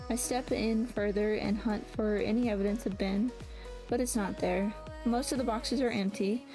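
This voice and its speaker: A woman with a mellow voice on the high side reads a first-person novel aloud for an audiobook. She keeps stopping to correct herself and start her words over.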